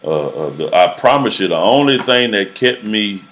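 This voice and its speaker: Deep-voiced preacher, halting and earnest. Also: male voice, lively intonation, a bit bright, a little hiss or hum. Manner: halting, repeats words often, earnest. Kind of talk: personal testimony in a casual interview.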